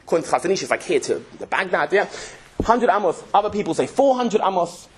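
A man teaching a Talmud class in a synagogue, telling the story in a joking, lively way. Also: sits high, quick pace, husky. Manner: jokey, lively storytelling with Yiddish-Hebrew terms. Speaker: Torah teacher.

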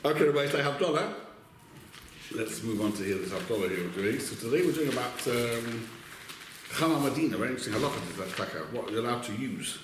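A man's voice: mid-range voice, expressive, background noise. Man teaching a class in an echoey room. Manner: conversational, halting, full of restarts and Hebrew terms. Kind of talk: casual Torah class.

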